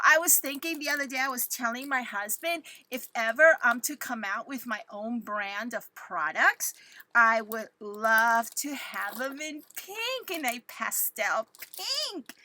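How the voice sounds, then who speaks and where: Crafting vlog host, middle-aged woman, high bright voice that swoops a lot, unhurried, gushing and giddy. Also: expressive, slight background noise. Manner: gushing, giddy, exclaims often; talks to viewers like friends. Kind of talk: casual unboxing chat.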